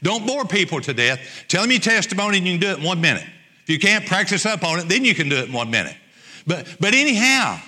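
Bright-voiced preacher in a hall. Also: male voice, high-pitched, sing-song, fast. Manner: emphatic, repeats key phrases. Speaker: pastor. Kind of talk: sermon. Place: church sanctuary. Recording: long church hall reverb.

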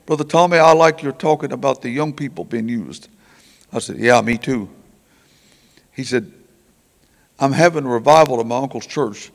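An older preacher tells revival stories in a folksy manner, stammering and repeating words as he acts out the people in them. His voice is fairly high with vocal fry, and the church hall adds reverb.

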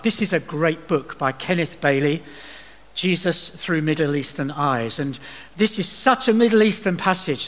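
A man's voice: a little high, a bit bright. An English man preaching a sermon, reading scripture with chatty, joking asides. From England. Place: church. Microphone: livestream recording. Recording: long church reverb.

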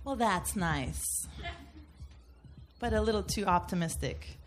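A woman's voice: mid-range voice, expressive, takes it slowly, slight background noise. A woman from Turkey doing a comedic debate bit, laughing through her jokes.

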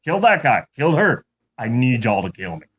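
A man's voice: medium pitch, very animated, moderate pace, a bit bright, husky, voice pushed down. A man voicing a blunt, defiant male murderer, on a dull lo-fi recording. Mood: insistent. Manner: blunt, insistent.

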